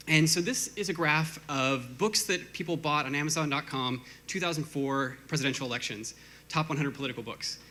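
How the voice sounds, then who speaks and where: A man giving a short talk to an audience, casual and self-deprecating, speaking fast with many fillers and restarts. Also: a little high, bright, forceful tone, slight background noise. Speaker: conference speaker.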